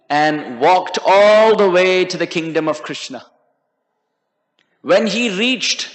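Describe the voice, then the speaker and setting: A man telling a devotional story in an animated storytelling sermon. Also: high voice. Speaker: speaker. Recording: long hall reverb.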